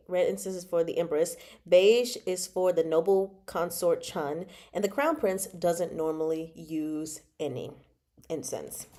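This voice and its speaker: A woman's voice: on the low side, mellow. A woman chatting casually about a novel she is reading, digressing often and laughing between remarks. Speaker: book club host.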